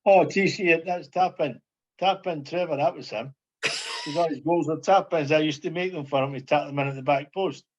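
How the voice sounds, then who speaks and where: A man's voice: a little high, normal speed, highs cut off. An older man, a former footballer, reminiscing as a podcast guest in a rambling way, repeating phrases and asking "you know what I mean". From Scotland. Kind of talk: casual reminiscing chat.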